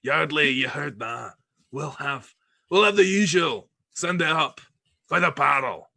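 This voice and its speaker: A burly, jovial gang leader booms out hearty lines in a tabletop role-play, as a man voices him. His voice is bright and dry, close to the mic, full of swagger. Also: measured pace, vocal fry, no echo, heavily acted. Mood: gruff. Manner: roaring, hearty, says aye.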